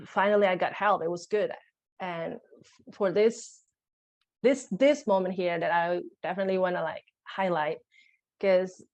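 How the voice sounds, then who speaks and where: Speaking at medium pitch, a young adult woman on a podcast shares her own birth story, her telling emotional and hesitant with frequent restarts.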